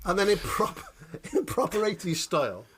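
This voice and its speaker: Sweary man telling animated stories. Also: high voice, normal speed, slight background noise. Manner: animated storytelling, sweary, keeps asking "right?". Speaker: podcast co-host. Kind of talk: casual chat.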